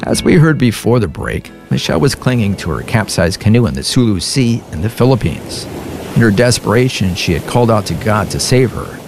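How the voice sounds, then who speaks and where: A man's voice: on the low side, big pitch swings, a little fast, vocal fry. A man hosting an interview, introducing the story and responding with attentive remarks. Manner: attentive, brief backchannels. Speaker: radio host. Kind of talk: hosted interview. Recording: music bed behind.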